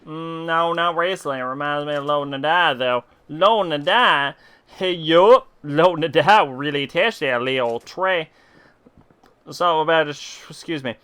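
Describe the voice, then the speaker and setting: Tipsy streamer in a put-on country drawl. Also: male voice, on the high side, normal speed, bright, forceful tone, clear, resonant tone. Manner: puts on a southern country drawl, swears freely. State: tipsy from drinking. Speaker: game streamer. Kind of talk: casual live gameplay commentary, reading game dialogue aloud.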